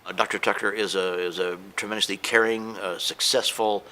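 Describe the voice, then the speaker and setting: Man, emotional testimonial, hesitant, lots of fillers, lowish voice, bright tone, faint noise. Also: steady tone, a little fast. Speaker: patient giving a testimonial. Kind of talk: unscripted testimonial.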